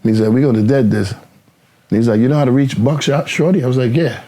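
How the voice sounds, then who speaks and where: Animated male rapper guest, mid-pitched, acting out quotes as he spins stories. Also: brisk. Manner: animated, acts out quoted dialogue, swears freely. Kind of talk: casual interview storytelling.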